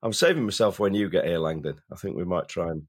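Male co-host, lowish voice, has a cold, rambling casual chat with word repeats. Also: fast, slightly rough. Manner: chatty, repeats words while starting sentences. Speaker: podcast co-host.

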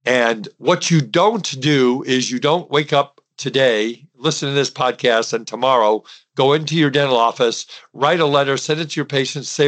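A man's voice: mid-range voice, moderate pace, fairly bright tone. A middle-aged man hosting a podcast as a dental accountant, talking emphatically and directly to his listeners in a preachy monologue. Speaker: podcast host and dental CPA.

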